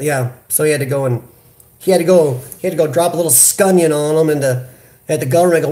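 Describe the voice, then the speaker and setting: A man from the United States hosting a casual live chat, talking in an animated, chatty way into a computer webcam. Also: fairly high pitch, fast. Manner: animated, chatty, reads viewer comments aloud. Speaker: livestream host. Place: hospital room.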